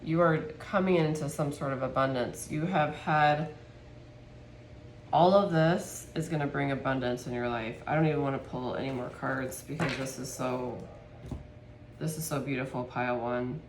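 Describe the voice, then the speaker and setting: Woman tarot reader, low voice, soft and heartfelt, roomy sound, faint background hiss. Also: moderate pace. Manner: soft, heartfelt, gets emotional. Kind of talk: spiritual tarot reading to camera.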